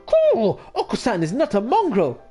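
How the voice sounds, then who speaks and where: A man voicing a hyperactive male dove who shrieks short, excited outbursts. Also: very high voice, very slow, soft background music, voice pushed up, heavily acted. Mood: shrieking.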